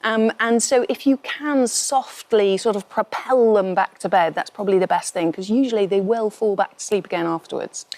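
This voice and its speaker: A woman sleep doctor explaining calmly on a studio TV chat show. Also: medium pitch, moderate pace, few pauses. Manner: calm, explanatory. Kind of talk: studio TV interview.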